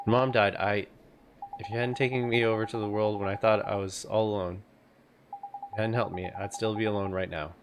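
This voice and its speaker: A man's voice: on the low side, steady tone, normal speed, background noise, natural voice. A man reading as an earnest young boy hero. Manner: earnest and determined. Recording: game music playing behind.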